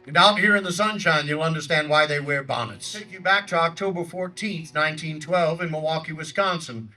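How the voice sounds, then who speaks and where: A man's voice: brisk, bright, forceful tone, distant mic, soft background music, low-quality recording. A man playing an older Theodore Roosevelt, giving a declamatory outdoor stump speech in character in a park by a lake. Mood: rousing. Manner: booming, declamatory oratory. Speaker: historical reenactor.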